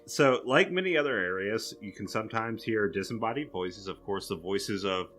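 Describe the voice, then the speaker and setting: A man's voice: lowish voice, lively intonation, normal speed, fairly bright tone, faint music behind. A man hosting a podcast, casually walking through researched material with a co-host.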